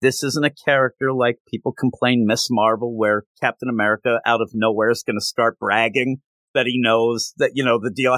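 A man hosting a podcast, chatting casually about comic books and retelling scenes with quick voiced quotes. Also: medium pitch, steady tone, fairly bright tone, dry recording. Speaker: podcast host. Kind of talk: casual comic book review chat.

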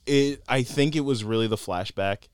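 A man co-hosting a casual podcast film review, animated and laughing often as he acts out lines he quotes. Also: medium pitch, moderate pace, clean tone, no room sound, studio quality.

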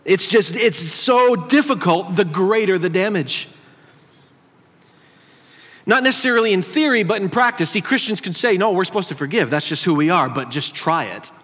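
Male pastor, conversational sermon with playful asides; high-pitched, recorded in a reverberant church hall. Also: expressive, normal speed, fairly bright tone, husky. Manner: conversational preaching, teasing the congregation. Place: church sanctuary.

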